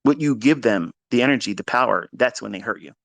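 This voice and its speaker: A man's voice: mid-range voice, expressive, a little fast, vocal fry, fairly bright tone, no room sound. Man, trading coach, emphatic and profane, preachy, dry close sound. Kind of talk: blunt motivational monologue.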